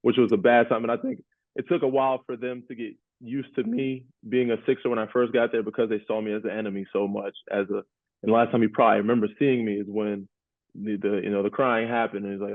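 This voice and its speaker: A man's voice: fairly low pitch, flat delivery, fast, dry recording. Laid-back man on a tinny line. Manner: laid-back, laughs often, repeats himself. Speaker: podcast host, former NBA player. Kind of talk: casual sports chat. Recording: tinny phone-like audio.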